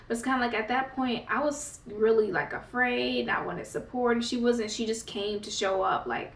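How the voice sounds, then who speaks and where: A woman's voice: on the high side, moderate pace, creaky, few pauses, fairly bright tone, distant mic. A woman vlogger telling a personal story in a chatty, casual way, peppered with fillers. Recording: roomy, set back from the mic.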